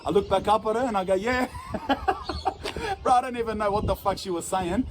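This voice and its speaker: An Australian man tells a long, rambling story in heavy slang, swearing freely and laughing at his own mistakes. His voice sits high for a man, with a faint hiss underneath. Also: fairly quick. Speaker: storyteller in an interview clip. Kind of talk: casual profane storytelling.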